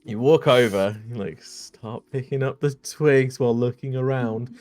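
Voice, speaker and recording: A man's voice: mid-range voice, unhurried, a little mellow, faint music behind. A man running a tabletop game as game master, narrating with lots of fillers and laughter.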